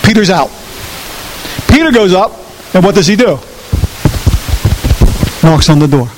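Animated high-voiced male preacher. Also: unhurried. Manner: animated, repetitive, asks the audience questions. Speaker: pastor. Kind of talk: sermon. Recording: reverberant hall, faint hiss.

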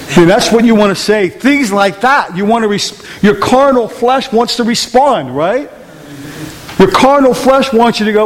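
A man's voice: high-pitched, moderate pace, in a large hall. A man preaching a conversational sermon in church, often asking the congregation rhetorical questions. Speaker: pastor. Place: church hall.

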